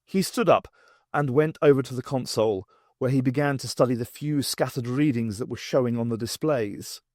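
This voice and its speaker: A man narrating a novel as an audiobook in an expressive storytelling manner. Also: medium pitch, moderate pace, no echo, clean studio sound. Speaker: audiobook reader.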